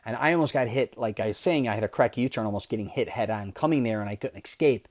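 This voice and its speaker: A man hosting his own podcast, telling a story in a casual, animated way, swearing and swinging from loud outbursts to low asides. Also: fast talker, no echo. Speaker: podcast host.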